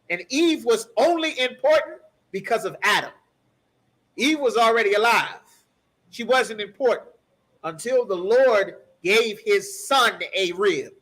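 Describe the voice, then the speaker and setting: A man's voice: high-pitched, a bit bright. A man leading a bible study class, emphatic, repeating key phrases and checking in with listeners. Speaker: scripture class teacher.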